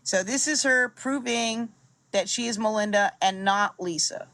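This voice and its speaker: A woman's voice: fairly high pitch, measured pace, pushed and bright, dry recording. A woman giving chatty, amused commentary on a video she is playing. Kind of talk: casual commentary.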